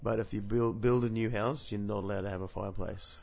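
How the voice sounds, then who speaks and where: A man's voice: lowish voice, fairly even intonation, brisk, creaky, a crowd in the background. A man co-hosting a podcast in casual chat, teasing his partner with dry jokes. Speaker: podcast co-host.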